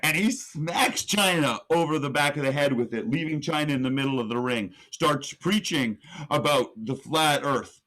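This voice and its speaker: Speaking at normal speed, a young man on a podcast gives an animated play-by-play of a match he's imagining, building hype through sudden vocal rises. His tone is fairly bright and his pitch on the high side.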